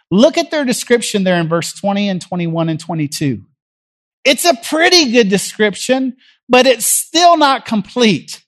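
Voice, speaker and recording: A preacher from Tennessee, giving a sermon as a conversational story and acting out the people in it. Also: mid-range voice. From Jackson, Tennessee.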